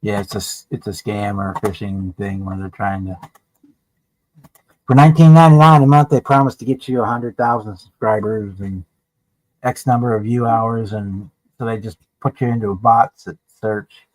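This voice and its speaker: Casual man, somewhat low voice, chatty explainer with restarts. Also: level tone, normal speed, no room sound, rough recording. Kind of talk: casual livestream chat.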